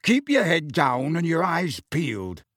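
A man voicing a grizzled old wizard warrior who mutters and growls his warnings slowly. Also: fairly high pitch, huge pitch swings, fairly bright tone, no echo, studio quality, heavily acted. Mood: gruff.

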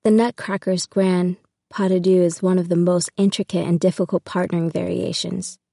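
Low, mellow woman reading an audiobook. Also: little pitch movement, normal speed, creaky, dry recording, studio quality. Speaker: audiobook narrator. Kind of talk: first-person audiobook narration.

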